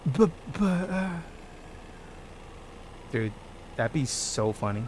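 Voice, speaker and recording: Speaking slowly at a medium pitch, a man streams gameplay through a desk microphone, with a bit of background noise. He's chatty and playful, saying hi to chat, reading their comments, humming, and yelling in excited moments.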